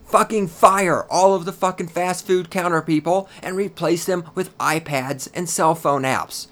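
A man hosting his own podcast in a solo rant, swearing heavily and talking in a loud, heated way. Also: unhurried, hardly any pauses. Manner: profane, ranting, heavy swearing; loud and heated, then lower and grumbling. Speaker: podcast host.

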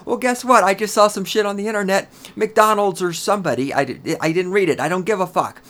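Man, podcast host, solo rant, constant swearing, heated delivery. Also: a little fast. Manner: profane, ranting, heavy swearing; loud and heated, then lower and grumbling.

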